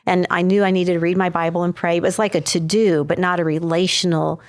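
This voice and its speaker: Low-voiced middle-aged mother recounting. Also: little pitch movement, brisk, no echo, studio quality. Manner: conversational, many "you know" fillers. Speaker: podcast guest, mother. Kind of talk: personal storytelling.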